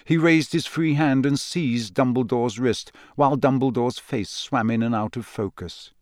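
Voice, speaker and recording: A male audiobook narrator reads in a measured, steady voice of middle pitch. The recording is close and dry, with no room sound. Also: no echo. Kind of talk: scripted narration.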